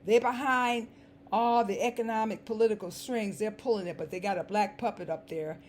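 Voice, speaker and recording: Brisk and somewhat dark in tone, this medium-pitched woman has a dry, scratchy voice. She's a vlogger doing an emphatic, sarcastic commentary monologue, leaning on repeated words for stress.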